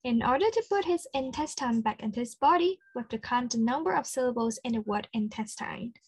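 A woman with an Australian accent leading an interactive children's lesson, slow and encouraging, full of praise. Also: on the high side, animated, slightly rough, no room sound. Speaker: children's speech clinic presenter.

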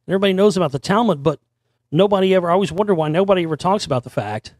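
A hoarse man hosts a talk show, his voice sitting a little above the usual male range. He rambles and often restarts mid-sentence. The recording is dry, with no room sound. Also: sits high, animated, very fast, a little mellow, no room sound. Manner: rambling, with many restarts and repeated words. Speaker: host. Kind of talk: monologue to camera.

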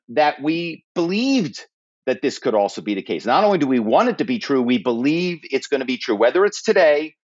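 A man tells stories as a podcast guest and briefly acts out the people he spoke to on the phone. His voice sits in a middle register. The recording sounds dry and a little dull, with little high end. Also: no echo. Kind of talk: animated storytelling interview.

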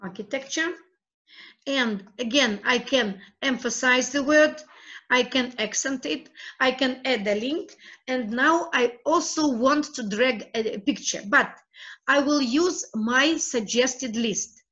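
Slow, halting woman. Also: high voice, fairly bright tone, highs cut off. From Russia. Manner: slow, halting, repeats her words as she clicks through steps. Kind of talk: screencast tutorial.

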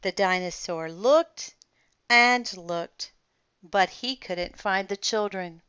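A woman reading a children's storybook aloud at a slow, deliberate pace. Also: mid-range voice, fairly bright tone, smooth, no room sound, highs cut off. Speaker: children's book reader.

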